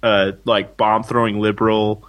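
A man's voice: fairly low pitch, little pitch movement, unhurried, no echo. A man co-hosting a casual podcast, rambling with many fillers and swearing freely. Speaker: podcast co-host.

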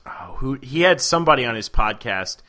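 A man talking casually about films, laughing often and breaking into loud impressions. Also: medium pitch, expressive, brisk.

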